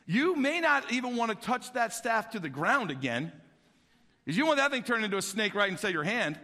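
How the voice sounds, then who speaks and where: A man's voice: high-pitched, a little fast. A man preaching a sermon, telling a story with humor and acting out the voices of the people in it. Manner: animated storytelling, acting out voices for comic effect. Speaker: pastor. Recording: long hall reverb.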